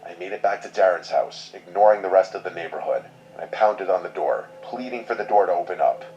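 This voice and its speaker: A man reading a scripted horror story in a measured, somber way. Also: low voice, dark tone, soft background music. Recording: dull lo-fi sound, faint noise.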